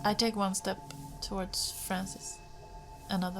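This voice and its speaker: Slow, intense woman role-playing. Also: mid-range voice, fairly even intonation, music in the background. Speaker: player. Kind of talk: tabletop role-play, in character.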